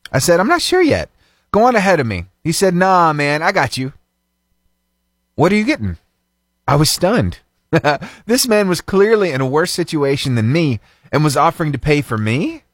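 A man's voice: on the high side, big pitch swings, moderate pace, dry recording, studio quality. A male radio host telling a feel-good story in an upbeat way, laughing often and acting out the dialogue he quotes.

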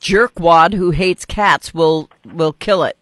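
A woman's voice: fairly low pitch, slow, no echo. An older woman from North Dakota hosting a casual radio interview. She is chatty, blunt and laughs easily. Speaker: radio host.

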